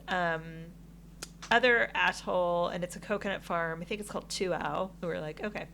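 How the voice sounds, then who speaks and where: A woman co-hosting a podcast, telling a travel story in casual chat, animated and laughing often. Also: on the low side, moderate pace, creaky, slight background noise. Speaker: podcast co-host.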